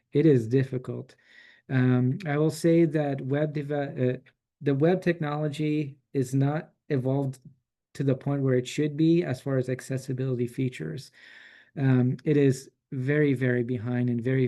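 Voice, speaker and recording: A man presenting a software tool in a relaxed, chatty way, with frequent fillers and restarts. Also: medium pitch. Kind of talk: casual software demo.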